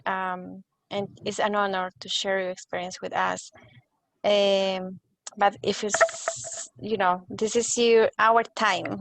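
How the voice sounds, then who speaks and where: A woman's voice: mid-range voice, a bit bright. A woman hosting an online meeting, thanking a speaker in a hesitant way with many ums and uhs. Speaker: meeting host. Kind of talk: casual thank-you remarks. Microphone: video call.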